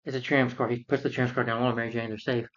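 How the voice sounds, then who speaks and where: A man's voice: mid-range voice, level tone, quick pace, fairly bright tone, dull audio. A man giving a rambling, casual recap of a film as a reviewer. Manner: rambling, with fillers.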